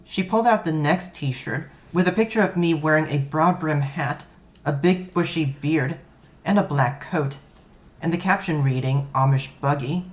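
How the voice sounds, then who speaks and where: Low, deep-toned female narrator, dry matter-of-fact story reading. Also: normal speed. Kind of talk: first-person story narration.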